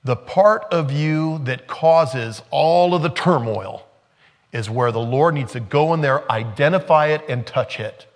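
A man's voice: on the high side, measured pace, big-room sound. Conversational man preaching a sermon. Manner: conversational, joking asides with laughter. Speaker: pastor.

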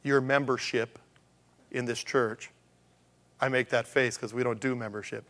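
A man's voice: mid-range voice, steady tone, measured pace, a bit bright. A male pastor preaching a conversational sermon, asking rhetorical questions and acting out the voices of the people he quotes.

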